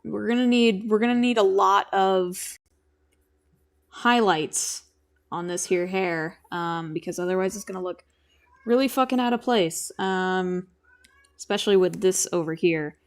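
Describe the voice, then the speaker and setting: Give me a young woman live-streaming from home, talking in a relaxed, meandering way while she draws and reads her chat aloud. Her voice sits at a middling pitch with a noticeable gravelly fry running through it. She sounds like an animator chatting casually with viewers. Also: unhurried. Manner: chatty, rambling, answers chat while drawing.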